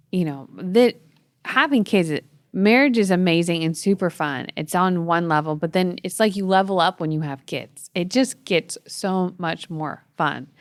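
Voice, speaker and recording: A woman's voice: fairly low pitch, no echo. A woman co-hosting a casual faith-based podcast, talking in a reflective, agreeable way. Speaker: podcast co-host.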